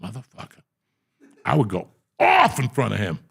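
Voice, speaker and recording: A middle-aged man telling profane, animated stories on a podcast. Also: medium pitch, moderate pace, vocal fry, husky. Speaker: podcast host. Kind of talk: casual storytelling.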